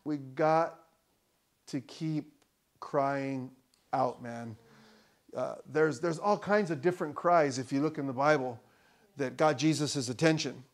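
A male pastor preaching a sermon in church, conversational with loud emphatic peaks and joking asides. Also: mid-range voice, slow pace.

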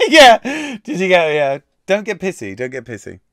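Male quiz host, fairly high voice, chatty and sweary, dry close desk-mic sound. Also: big pitch swings, moderate pace, no echo. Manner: chatty, swears casually, laughs at himself. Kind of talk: live-stream quiz answer reveal.

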